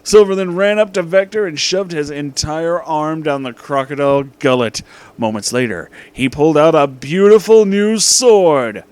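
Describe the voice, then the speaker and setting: A man narrating a comedic fan story aloud in a mock-dramatic, deadpan way. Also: on the high side, moderate pace, smooth. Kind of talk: comedic fan-fiction reading.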